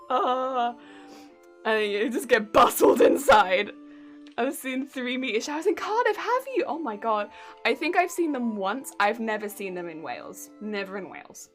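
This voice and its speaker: A woman's voice: a little high, expressive, a little slow, a bit bright, faint music behind. Giggly British woman streamer. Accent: British English. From England. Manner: giggly and chatty, reacting to chat. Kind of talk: casual live-stream chat.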